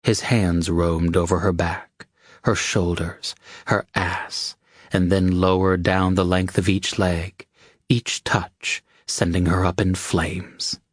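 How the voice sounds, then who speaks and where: Man, audiobook narration, very deep, husky, measured, dry recording. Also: flat delivery, no echo. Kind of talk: scripted narration.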